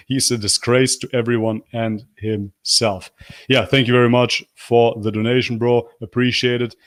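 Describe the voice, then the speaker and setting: A man's voice: flat delivery, unhurried, dry recording. Snarky streamer guy reacting to a vid, blunt n mocking, dry close sound. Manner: mocks with high, whiny put-on apologies. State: losing his voice. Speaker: livestream host reacting to a video. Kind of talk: live reaction commentary.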